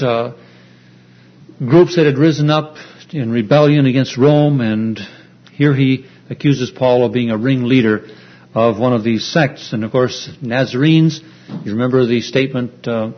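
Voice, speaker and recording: A man's voice: medium pitch, normal speed. Earnest male preacher, lo-fi recording. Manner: earnest, explanatory, with frequent uh fillers. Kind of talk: sermon. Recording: dull lo-fi recording.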